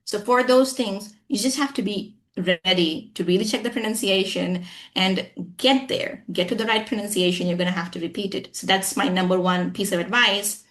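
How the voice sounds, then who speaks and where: Talking at a normal speed in a steady, fairly bright voice of medium pitch, a woman who trains people in English answers interview questions. Her American accent is acquired, she speaks with emphasis, and she keeps adding "you know what I'm saying."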